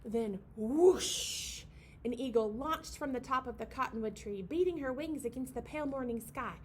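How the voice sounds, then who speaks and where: A woman's voice: fairly high pitch, moderate pace, a little hiss or hum. A young woman leading a library storytime for babies, reading a picture book aloud in a playful sing-song way and acting out the animal sounds.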